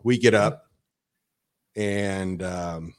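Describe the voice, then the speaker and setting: A man telling a story in casual chat, animated, swearing and acting out quotes. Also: low-pitched, extremely slow. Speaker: guest storyteller.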